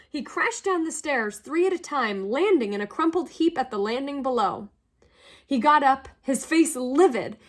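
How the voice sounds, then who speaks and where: A woman teacher reads a novel aloud with a steady, expressive storytelling delivery. Her voice sits high for a woman, and she keeps an even, engaging flow from line to line.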